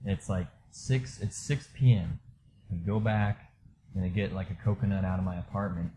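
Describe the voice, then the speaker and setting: A man candidly telling a personal story in a casual, rambling way, full of fillers, going quiet at the low moments. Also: steady tone, normal speed, noisy background. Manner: candid, rambling, many fillers, drops soft when reliving low moments. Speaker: storyteller sharing a personal experience.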